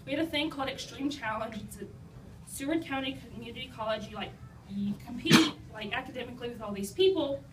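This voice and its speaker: Her voice is fairly high and her pace quick as this young woman chats through comic tales from her own life for a live audience. Self-deprecating and loaded with "like" and "you know," she's recorded from a distance in a noisy, roomy space.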